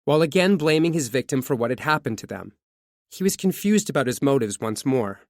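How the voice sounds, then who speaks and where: Casting: male audiobook narrator, mid-pitched, measured confessional reading, dry close-miked sound. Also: lively intonation, a little mellow, no echo. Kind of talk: scripted true crime narration.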